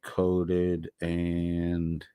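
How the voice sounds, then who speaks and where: A man's voice: low-pitched, completely flat delivery, very slow, mellow, clean tone, no echo. A man live-streaming, reading chat comments aloud and answering them in a rambling, profane, casual way. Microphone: laptop microphone.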